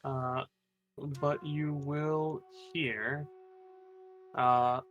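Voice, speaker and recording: A man running a tabletop game on a stream as game master, thinking aloud with pauses. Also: mid-range voice, steady tone, a bit bright, lo-fi sound.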